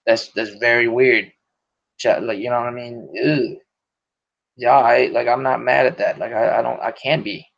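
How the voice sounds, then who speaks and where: A man's voice: medium pitch, vocal fry. A man hosting a podcast in casual, profane, rambling chat with many restarts. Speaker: podcast host. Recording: dull lo-fi audio.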